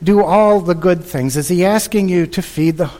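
A man preaching a sermon with passion, repeating phrases and swinging between loud bursts and hushed lines. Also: sits high, moderate pace, long reverb tail. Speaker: pastor.

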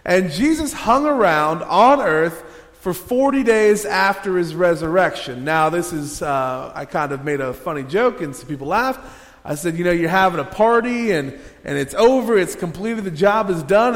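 A male pastor with a fairly high voice preaches in a relaxed, joking way. He talks straight to his congregation and pulls them into little exercises. His voice rings out with a long echo in a large hall. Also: normal speed. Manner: casual, joking, interactive with congregation. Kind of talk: sermon.

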